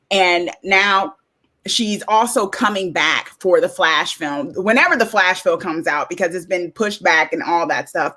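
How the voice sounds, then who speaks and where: A woman's voice: on the low side, pushed and bright. A woman hosting a casual film review stream, reading viewer comments aloud and chatting with a loose, filler-heavy delivery. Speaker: host. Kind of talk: casual livestream review chat.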